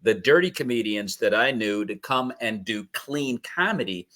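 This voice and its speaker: A man's voice: fairly low pitch, expressive, moderate pace, sharp tone. A man hosting a casual interview, telling stories, laughing often and acting out quotes. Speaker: podcast host.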